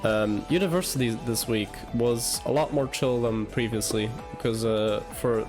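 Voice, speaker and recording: A young man in his twenties chatting casually on a live stream, halting and rambling with stammered restarts. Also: medium pitch, over music.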